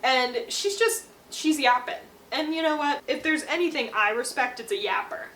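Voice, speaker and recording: A young woman giving a playful, slangy, animated recap of a book series. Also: high-pitched, moderate pace, roomy sound, a little hiss or hum. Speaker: book reviewer.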